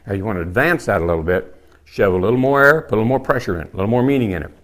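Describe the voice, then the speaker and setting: A man's voice: on the low side, expressive, racing, fairly bright tone, slight background noise. An older man with a folksy, plainspoken manner, teaching elk calling and demonstrating the calls as he talks. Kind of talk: hands-on calling tutorial.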